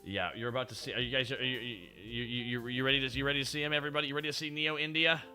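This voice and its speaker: Excitable swearing man. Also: mid-range voice, rapid-fire, soft background music. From Canada. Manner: excitable, swears a lot, laughs often. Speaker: streamer host. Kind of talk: casual stream chat.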